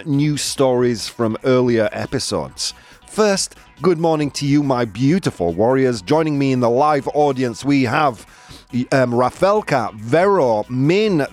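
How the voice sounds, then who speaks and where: A chatty male host fronting a live morning talk show, his pitch sitting in the middle yet leaping around constantly as he jokes with his co-host and audience. He talks casually and playfully, leaning hard on words for effect. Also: darkish tone. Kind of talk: casual bilingual chat show hosting.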